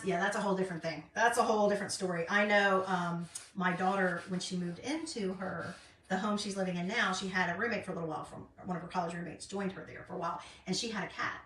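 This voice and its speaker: A craft vlogger from North Carolina chats casually while she crafts, rambling along with many ums. Her voice is bright yet fairly low in pitch. The recording sounds roomy and distant, with faint noise.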